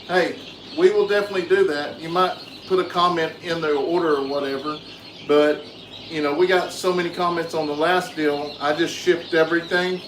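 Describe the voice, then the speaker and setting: A man hosting a casual farm vlog outdoors, chatting with viewers and talking softly to his animals. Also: fairly high pitch, steady tone, moderate pace. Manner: easygoing, soothes animals softly. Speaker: farm channel host. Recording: echoey with loud outdoor noise.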